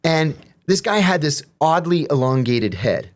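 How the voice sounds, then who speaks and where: A man, a guest on an interview show, telling profane stories in a casual, animated way. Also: on the high side, measured pace. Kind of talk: casual storytelling.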